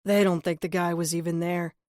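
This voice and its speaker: A stern, protective police captain gives firm orders, voiced by a woman narrating an audiobook. The voice is fairly low, and the sound is close and dry. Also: level tone, brisk, a little mellow, dry recording, close to an everyday voice. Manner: firm and commanding.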